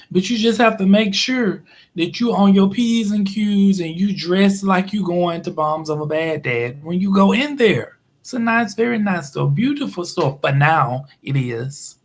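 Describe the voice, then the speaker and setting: A high-pitched man rambles through a casual livestream story. He laughs often and mimics the people he talks about. His delivery is loose and chatty. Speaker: YouTube live streamer.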